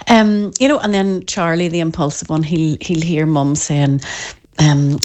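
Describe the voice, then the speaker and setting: Woman with a lowish voice, animated. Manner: lively, acts out parents' voices in quick quotes. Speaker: parenting author and guest. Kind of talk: explanatory interview talk.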